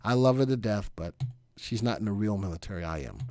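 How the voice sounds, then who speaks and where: A man's voice: lowish voice, animated, fairly quick, mellow, no echo, studio quality. A middle-aged man hosting a stock analysis live stream, upbeat and joking as he chats with viewers. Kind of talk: casual live stream talk.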